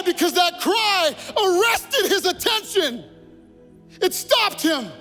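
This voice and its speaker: A man's voice: very high voice, bright, forceful tone. A man preaching a sermon as pastor, repeating his phrases as he builds intensity. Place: church sanctuary. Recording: long church reverb with faint music.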